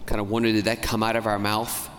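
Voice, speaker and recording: A man preaching a homily as a priest, talking in a conversational way, asking the congregation questions and slowing down to stress key words. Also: on the low side, monotone, a bit bright, a little hiss or hum. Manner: slows down and stretches key words for emphasis. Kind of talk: sermon. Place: church. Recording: long church reverb, faint ambience.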